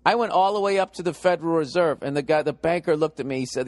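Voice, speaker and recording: Profane ranting man, higher voice. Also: fast talker, hardly any pauses, no room sound. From United States. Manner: profane, ranting, animated storytelling. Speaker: podcast host. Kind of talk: comic podcast monologue.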